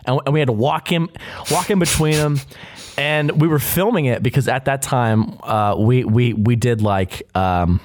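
A man's voice: mid-range voice, moderate pace. A young man in his twenties, co-hosting a podcast in casual chat, rambling and swearing with many fillers and restarts. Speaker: podcast co-host.

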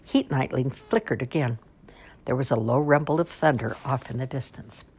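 Husky low-voiced woman storyteller. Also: normal speed, a little mellow. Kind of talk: reading a story aloud.

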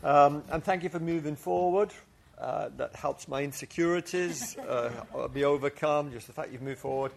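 A man's voice: fairly high pitch, normal speed, creaky, slight background noise. A man preaching a sermon to a congregation, earnest and confessional, often restarting his words and leading the people in saying things together. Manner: leads the congregation in call-and-response. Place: church before a congregation.

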